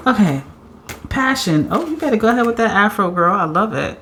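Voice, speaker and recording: A woman doing a pick-a-card tarot reading, excitable and slangy, often laughing and acting out quotes. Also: medium pitch, moderate pace, a little hiss or hum. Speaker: tarot reader.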